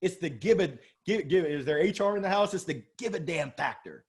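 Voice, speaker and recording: A man speaking as an interview guest about sales, lively and joking, with strong emphasis. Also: fairly high pitch, brisk. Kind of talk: energetic motivational interview talk.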